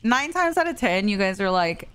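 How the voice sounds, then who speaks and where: A woman's voice: a little high, lively intonation, fairly quick, a bit bright, clear, resonant tone. A young woman streaming a game, chatting casually with viewers and humming little vocal stims between thoughts. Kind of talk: casual gameplay chat while answering viewers.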